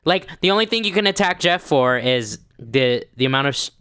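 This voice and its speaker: A man's voice: mid-range voice, animated, brisk, pushed and bright, clean tone, no room sound, clean studio sound. A man in casual podcast chat, sarcastic and arguing his points.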